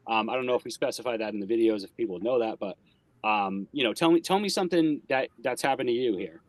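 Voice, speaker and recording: A man co-hosting a podcast in relaxed casual chat, sick, hedging his words with easygoing fillers. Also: mid-range voice, fast, dry recording. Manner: laid-back, hedging with fillers. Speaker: podcast co-host.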